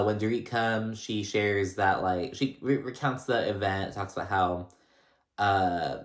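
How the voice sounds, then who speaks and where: Man, lowish voice, casual rambling recap, echoey room. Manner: rambling, filler-heavy storytelling. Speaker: reality TV recap host.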